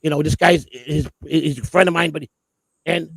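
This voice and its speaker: Male co-host, gravelly, profane storyteller, rambling and halting, dry close sound. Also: fairly high pitch, fairly even intonation, no echo, poor audio. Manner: rambling, profane, repeats words when starting sentences. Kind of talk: casual chat, telling prison stories.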